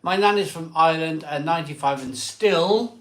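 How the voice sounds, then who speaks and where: A man's voice: a little high, moderate pace, fairly bright tone. A man co-hosting a live stream, joking and chatting casually in a self-deprecating way. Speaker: co-host of a live drinking stream. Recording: echoey room, a bit away from the mic.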